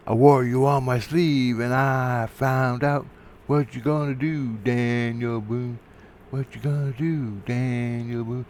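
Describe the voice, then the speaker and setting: A man voicing a taunting man who sings a mocking ditty in a slow singsong. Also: mid-range voice, darkish tone, voice pushed up, natural voice.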